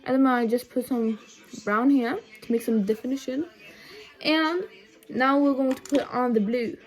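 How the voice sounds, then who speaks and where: Filmed on a low-set phone camera, a young woman chats her way through a casual at-home makeup tutorial. She speaks at a normal speed with fairly even intonation, rambling with plenty of ums and asides.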